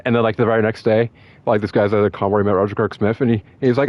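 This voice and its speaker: A man co-hosting a casual gaming chat, rambling and excitable, often breaking into laughs. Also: medium pitch, fast, dry recording, muffled recording. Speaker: podcast co-host.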